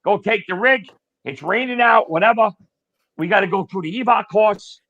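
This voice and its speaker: A man's voice: high voice, normal speed, no room sound. A middle-aged man, a retired firefighter telling stories bluntly and profanely as a podcast guest. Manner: blunt, profane, animated storyteller. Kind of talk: casual storytelling. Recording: dull, dry lo-fi sound.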